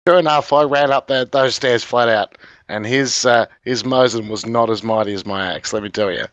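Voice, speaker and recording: A man's voice: mid-range voice, normal speed, a bit bright, no echo, dull audio. A man with an Australian accent, chatting casually on a podcast, a rambling storyteller who laughs often. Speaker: podcast guest, game video maker. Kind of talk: casual chat.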